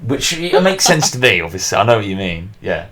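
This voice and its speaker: A man's voice: on the low side, sing-song, brisk, fairly bright tone. A man hosting a podcast, chatting casually and rambling with lots of restarts and fillers. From England. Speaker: podcast host.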